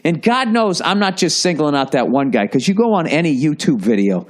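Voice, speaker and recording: A man's voice: fairly high pitch, brisk. Profane, rambling man hosting a podcast. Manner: profane, rambling, restarts sentences, mocking asides; animated storyteller. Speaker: podcast host. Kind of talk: rambling comedic podcast monologue.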